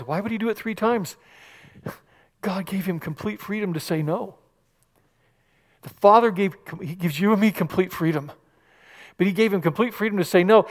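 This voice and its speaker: A man delivering a sermon in a slightly high voice. He moves from soft, intimate asides to forceful, loud declarations. The room gives a long, echoing reverb. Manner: animated, swinging from hushed to loud. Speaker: pastor.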